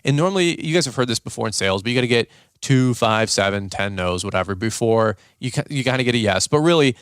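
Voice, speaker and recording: A man's voice: medium pitch, lively intonation, fast, a bit bright, clear, resonant tone, dry recording, clean studio sound. A man hosting a podcast, telling a story in a casual, rambling way with lots of fillers and restarts. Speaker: podcast host.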